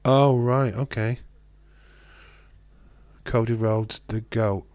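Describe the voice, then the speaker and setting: A man's voice: medium pitch, fairly even intonation, very slow, a little mellow, no room sound. A man hosts a live watch-along stream, commenting casually and bantering with viewers as he reads the chat aloud. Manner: bantering and teasing with viewers, frequent restarts.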